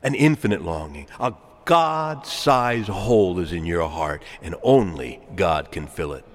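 A male preacher delivers a sermon in a big, reverberant church hall. His pitch moves a great deal, dropping to hushed lines before rising into loud calls to the congregation. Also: expressive, takes it slowly. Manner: dramatic swings between hushed and loud calls, asks congregation to respond. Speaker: pastor.

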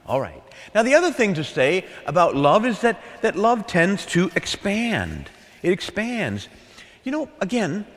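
A male priest preaches in a lively, swooping voice that rises and falls for emphasis, circling back to his key phrases. His voice sits somewhat high for a man. Long reverb from the large church trails after each line. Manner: animated preaching, repeats key phrases, asks listeners for agreement. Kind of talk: sermon.

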